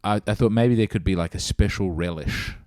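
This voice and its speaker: A man hosting a casual comedic chat, riffing in a dry, deadpan, rambling way. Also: lowish voice, brisk, no room sound. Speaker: podcast host.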